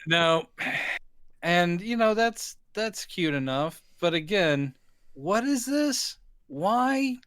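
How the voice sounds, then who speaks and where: A man's voice: high voice, lively intonation, slow pace, fairly bright tone, dry recording, clean studio sound. A man co-hosting a casual podcast, ranting in disbelief about a film's silly scenes. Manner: incredulous, exasperated ranting. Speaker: podcast co-host. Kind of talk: casual movie-recap chat.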